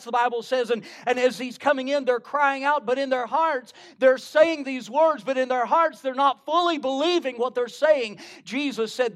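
A man's voice: very high voice, moderate pace, a bit bright. A man preaching a sermon, retelling a Bible story and quoting scripture in old King James wording, often restarting his phrases.

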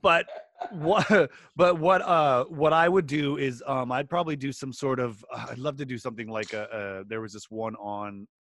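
A man's voice: mid-range voice, steady tone, normal speed, fairly bright tone. A man co-hosting a casual chat, rambling with restarts and hesitations. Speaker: podcast co-host.

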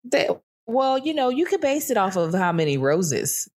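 A woman's voice: a little high, very animated, moderate pace, darkish tone. A woman co-hosting a podcast, recapping a reality dating show in casual, profane chat with mocking impressions. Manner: chatty, swears freely, slips into mocking impressions. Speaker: podcast co-host.

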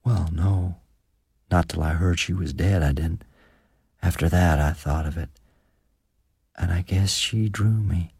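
A man voicing a gaunt, haunted rural man who speaks slowly and haltingly in rustic speech, read as an audiobook character. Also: low voice, gravelly, a little mellow, slightly rough, no echo, clean studio sound, full character voice. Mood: grim.

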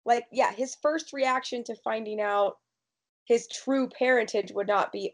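A woman hosting a casual TV recap chat, quick and emphatic as she gives her opinions. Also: a little high, steady tone. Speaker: podcast host.

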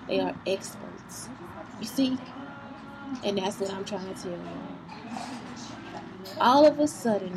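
A woman's voice: medium pitch, background noise. A woman giving a rambling, profane, unscripted venting monologue to her viewers, often asking if they see what she means. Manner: heated, profane, keeps asking "you see what I'm saying?"; rambling, circling back on herself.

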